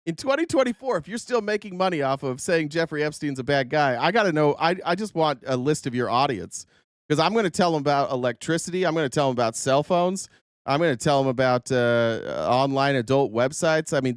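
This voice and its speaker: A man's voice: medium pitch, animated, a little fast, clear, resonant tone, no echo, studio quality. A male livestream host doing political commentary in a sarcastic, profane style with lots of "uh" fillers.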